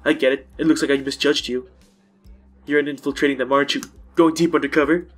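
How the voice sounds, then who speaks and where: A man's voice: fairly high pitch, fairly even intonation, fast, faint music behind, lightly acted. A man reading a curt, paranoid schoolboy. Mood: suspicious. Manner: curt, suspicious, blunt. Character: paranoid, conspiratorial teenage schoolboy. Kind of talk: reading game dialogue aloud.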